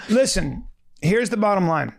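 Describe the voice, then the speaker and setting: Man, podcast co-host, casual banter, brash, profane, rambling, fairly high voice. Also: very animated, slow pace, vocal fry.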